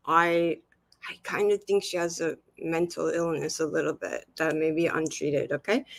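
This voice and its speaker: A woman's voice: on the low side, a bit bright, no echo. A woman talking on a livestream in a casual chat, rambling and interrupting herself as she gets heated. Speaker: guest on a livestream talk.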